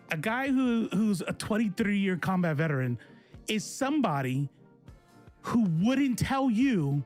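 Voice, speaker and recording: Animated, sarcastic man streaming over faint music. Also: high-pitched. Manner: confrontational, sarcastic, talks straight to chat. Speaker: political streamer. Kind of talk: casual livestream rant to chat.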